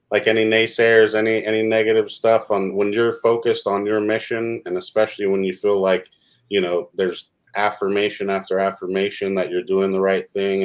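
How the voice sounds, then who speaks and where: A man talking as a show guest in a loose, rambling, casual way. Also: deep voice. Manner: rambling, loose, full of "you know". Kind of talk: casual conversation.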